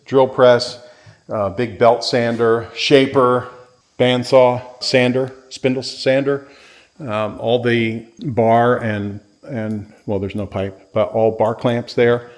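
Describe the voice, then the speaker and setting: A man walks through a workshop barn, rattling off tools one after another like an auctioneer. His voice sits at an ordinary middle pitch, loose and chatty, and he sounds like he is recording on a handheld camera. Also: steady tone, takes it slowly. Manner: rambling, listing tools like an auctioneer. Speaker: real estate agent touring a property. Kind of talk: casual walkthrough vlog.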